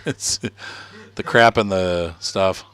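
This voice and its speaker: Relaxed low-voiced dad gaming. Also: male voice, slow pace. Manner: relaxed, chuckling, thinking aloud. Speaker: let's play host, father. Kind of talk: casual gameplay commentary.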